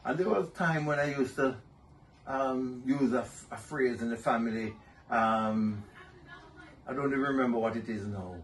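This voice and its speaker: An older man sharing fatherhood stories in an interview, gentle and measured, chuckling often. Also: medium pitch. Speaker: guest. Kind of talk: reflective interview storytelling. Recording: somewhat distant mic with faint noise.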